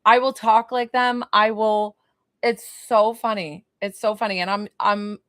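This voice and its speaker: A woman's voice: medium pitch, fairly even intonation, unhurried, a bit bright, no room sound, studio quality. Chatty New woman medium on a live stream. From New York. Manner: chatty, rambling, full of "like" fillers. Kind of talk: casual live-stream talk.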